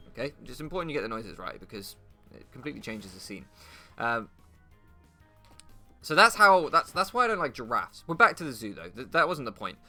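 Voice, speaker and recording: Gaming youtuber ranting and swearing, bright sharp voice, faint game music behind. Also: male voice, medium pitch, fairly quick. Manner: animated, swearing, laughing at his own jokes. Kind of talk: rambling comedic commentary over gameplay.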